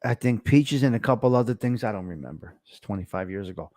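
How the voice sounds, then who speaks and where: A lively, slightly fast talker with few pauses, this medium-pitched, darkish-toned man hosts a casual livestream, reading live comments and asking viewers about his mic. He's Italian-American, from New Jersey. His close desk microphone gives a dry, clean studio sound.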